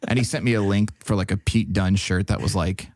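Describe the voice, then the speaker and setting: A man's voice: fairly low pitch, fairly even intonation, a little fast, darkish tone, no room sound, studio quality. A man chatting casually as a comedian guest on a podcast, rambling and swearing freely. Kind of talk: casual chat.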